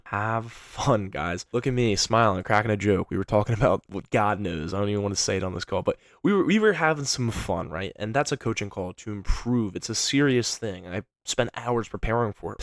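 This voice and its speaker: A man coaching on sales in an energetic, conversational way, often tagging his points with "right?". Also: fairly low pitch, dry recording, clean studio sound.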